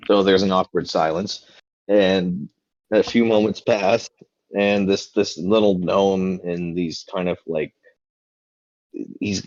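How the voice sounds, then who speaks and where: Low-voiced man, game master, casual rambling narration, dry dull sound. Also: darkish tone, no echo. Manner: casual, loose, filler-heavy narration.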